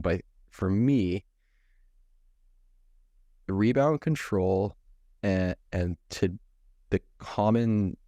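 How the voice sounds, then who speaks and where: A man's voice: low-pitched, darkish tone, dry recording, studio quality. A man in his thirties, a goalie coach, chatting casually on a podcast, rambling with many false starts and restarts. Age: 30s.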